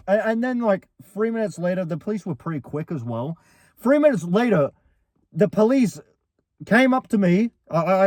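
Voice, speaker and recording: A young man with a fairly high voice tells a storytime in a casual, rambling way, tripping over restarts and filling in both sides of an argument. The sound is dry and close, with no room around it. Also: no echo.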